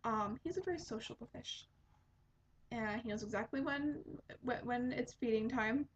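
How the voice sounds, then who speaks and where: Young woman, podcast host, rambling casual chat, fairly high voice, muffled lo-fi sound. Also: normal speed, background noise. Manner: rambling, chatty, many fillers. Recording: dull lo-fi home recording.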